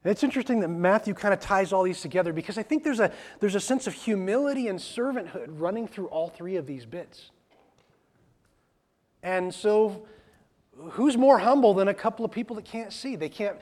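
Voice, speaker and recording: A man giving a conversational sermon as a pastor, plain-spoken and animated, with casual asides. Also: sits high, moderate pace.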